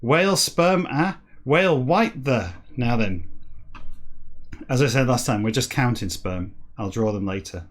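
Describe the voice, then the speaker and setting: Slow, dry-humored male reader. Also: medium pitch, expressive. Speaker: comic reader. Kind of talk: comic book reading with asides.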